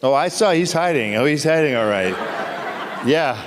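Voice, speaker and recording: An actor on a convention panel, a man joking and teasing audience members in playful, quick asides. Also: fairly high pitch, lively intonation, background noise. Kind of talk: comedic Q&A banter with the audience. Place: convention hall. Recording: echoey convention hall.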